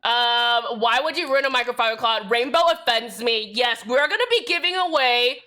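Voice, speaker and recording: Young woman streamer with a bright, somewhat high voice; irreverent, sassy, swears freely. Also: moderate pace. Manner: sassy, profane, joking with chat. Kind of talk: casual live-stream chat.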